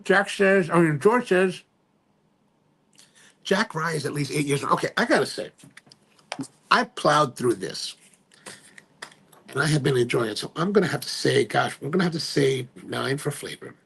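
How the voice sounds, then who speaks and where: A man's voice: fairly high pitch, animated, normal speed, creaky, a bit bright, a little hiss or hum. A man hosting a live stream in casual chat, reading viewer comments aloud and rambling, often trailing off and restarting. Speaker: livestream host.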